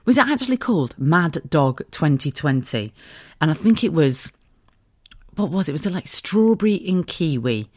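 Woman, 30s, from southern England; giggly podcast host, lively pitch, dry close sound. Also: normal speed, dry recording. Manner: chatty, giggly, animated storytelling. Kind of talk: casual chat.

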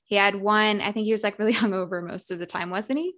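A woman's voice: medium pitch, fairly even intonation, fast talker, a bit bright. A woman co-hosting a casual podcast chat, a little giggly. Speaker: podcast co-host.

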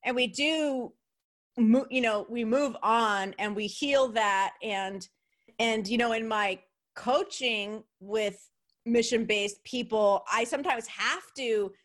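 Chatty new york lady hosting her podcast, a bit high voiced, laughs a lot. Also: slow, fairly bright tone. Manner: bubbly, chatty, laughs often. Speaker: podcast host. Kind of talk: casual interview chat.

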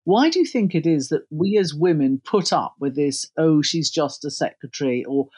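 A woman's voice: deep voice, expressive, moderate pace, a little mellow, husky. A woman interviewer who asks thoughtful, probing questions.

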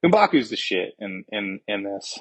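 A man's voice: on the low side, very animated, unhurried, gravelly, slightly rough, no echo, low-quality recording. A young man giving a rambling, profane, jokey spoiler review of a movie.

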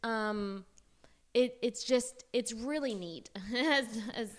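A woman's voice: a little high, slow. Bubbly Oklahoma woman telling stories. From Oklahoma, USA. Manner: bubbly, storytelling with laughs. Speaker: hairstylist guest on a podcast. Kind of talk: casual podcast chat.

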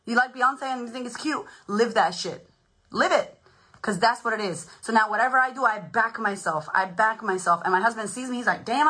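A woman's voice: fairly high pitch, bright, forceful tone, poor audio. A woman in her thirties, a podcast host and confidence coach, giving a blunt, swearing, emphatic motivational talk in a casual livestream.

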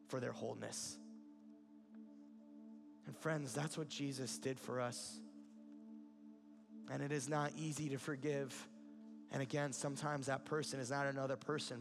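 A man preaching a sermon in an earnest way, building to emphatic peaks. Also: mid-range voice. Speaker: pastor.

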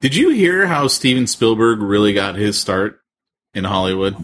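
A man's voice: on the low side, normal speed, a bit bright. A man co-hosting a podcast, chatting casually and joking with his co-host. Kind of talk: casual chat.

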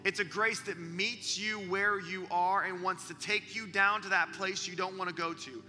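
A man preaching a sermon to young people, telling stories with energy and dropping to a hushed whisper for emphasis. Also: high voice, fairly even intonation, normal speed. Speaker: youth preacher. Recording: long hall reverb with music behind.

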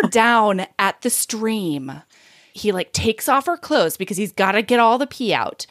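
A woman co-hosting a casual book-chat podcast, retelling a story in an animated, giggly way with plenty of filler words. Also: mid-range voice, measured pace. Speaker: podcast co-host.

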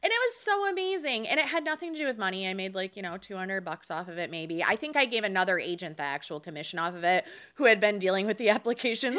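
Animated storytelling woman with a smooth, high voice. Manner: animated storyteller, acts out the people she quotes. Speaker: podcast co-host, real estate agent. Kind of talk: casual podcast storytelling.

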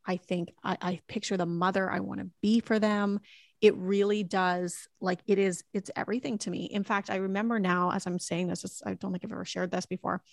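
A woman's voice: mid-range voice, flat delivery, fairly quick, gravelly, dry recording, clean studio sound. A woman talking earnestly and emotionally about motherhood in a heartfelt podcast conversation, reflective and prone to restarts. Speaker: mother sharing her story.

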